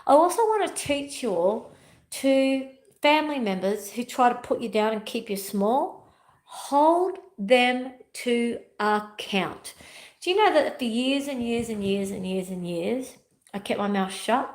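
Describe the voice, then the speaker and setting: A woman's voice: on the high side, lively intonation, normal speed, a little mellow. Emphatic woman, echoey room. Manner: emphatic, repeats key phrases. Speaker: spiritual teacher. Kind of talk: spiritual motivational talk. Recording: roomy echo.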